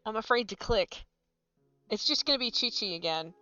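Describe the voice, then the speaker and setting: A woman streaming a video game, chatting casually into a desk mic, swearing freely and swinging between low mutters and loud excited yelps. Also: normal speed, clean tone, dry recording, dull audio, soft background music. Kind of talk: casual gameplay stream chat.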